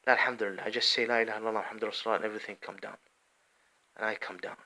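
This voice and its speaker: Fast, sharp-voiced ranting man. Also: on the low side, fairly even intonation. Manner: heated, profane ranting mixing Arabic and English. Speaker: online commentator. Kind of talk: angry monologue.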